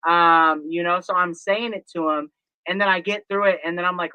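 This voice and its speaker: A man with a high voice tells stories in a casual chat, acting out his own side of a call and laughing easily. The sound is dry and a little muffled, like stream audio. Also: a little fast, clear, resonant tone, no echo. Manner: animated storyteller, acts out phone calls, laughs easily.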